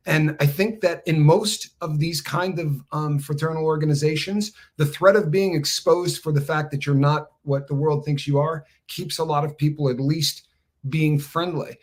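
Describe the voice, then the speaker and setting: A man's voice: a little high, steady tone, moderate pace. A man co-hosting a live stream, talking things through in a thoughtful, hesitant way with many fillers. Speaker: co-host. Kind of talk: reflective live-stream commentary.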